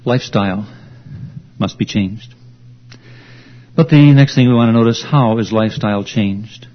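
A man preaching an expository sermon, slow, deliberate and emphatic as he teaches. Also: on the low side. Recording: dull lo-fi recording.

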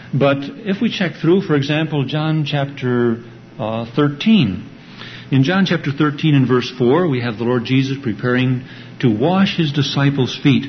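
Slow, deliberate male Bible teacher. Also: fairly high pitch. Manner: deliberate, explanatory, stresses key words. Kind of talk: verse-by-verse Bible study lecture. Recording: dull lo-fi recording with faint hum.

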